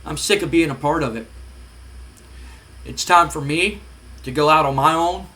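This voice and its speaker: A cocky male pro wrestler , put on by a man, rants in a sharp, forceful voice pitched a touch high. He boasts and taunts with heat and defiance. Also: normal speed. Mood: resentful.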